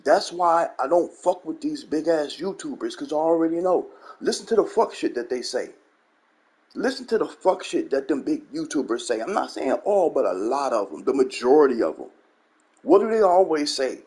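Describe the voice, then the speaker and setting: This gaming channel host has a husky, slightly mellow voice on the high side and sounds very animated at normal speed. His monologue is a blunt, profane rant full of repeated catchphrases, especially "you know what I'm saying".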